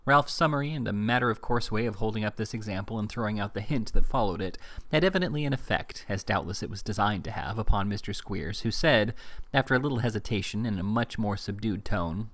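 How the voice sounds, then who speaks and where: A man reading a classic novel aloud in a measured, unhurried way. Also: fairly low pitch, fairly bright tone, no room sound. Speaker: audiobook reader.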